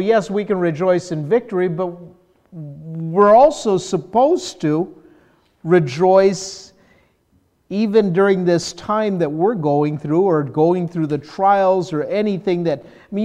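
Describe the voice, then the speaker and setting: Older male pastor, slightly high voice, chatty sermon delivery that turns animated in asides. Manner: conversational, self-deprecating, animated when mimicking.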